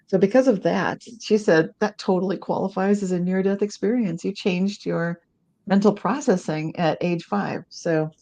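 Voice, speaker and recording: A woman's voice: medium pitch, normal speed, mellow. A woman on a panel discussion call, talking in a chatty way and laughing between thoughts.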